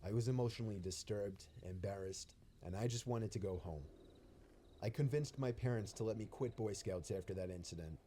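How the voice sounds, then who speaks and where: A man reading a scripted first-person horror story in a steady, even storytelling manner. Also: lowish voice, a little fast, slight background noise.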